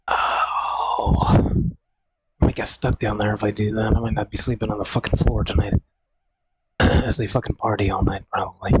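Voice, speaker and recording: On a rough recording, a young man's fairly low, slightly rough voice comes through his desk mic at home. He's in pain and out of breath, swearing and groaning to himself while casually addressing his viewers.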